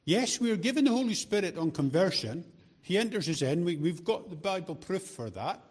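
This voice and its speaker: A man's voice: high voice, animated, fairly quick, a little mellow, slightly rough. A middle-aged man preaching a sermon in a chatty, joking way, often repeating words as he restarts his sentences. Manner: chatty, joking asides to the congregation. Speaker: lay preacher.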